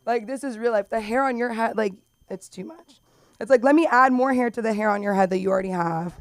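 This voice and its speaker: A young woman from Los Angeles with a Valley girl accent, doing open mic stand-up in a rambling, filler-heavy way that jumps into loud squeals. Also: on the high side, fairly quick. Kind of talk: stand-up comedy. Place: comedy club.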